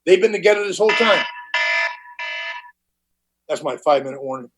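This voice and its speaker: A man's voice: fairly high pitch, animated, a little fast, a bit bright, husky, poor audio. Blunt older man telling his story. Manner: blunt, candid storytelling with restarts and plain slang. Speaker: recovery meeting speaker. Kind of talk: personal recovery testimony. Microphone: online conference talk.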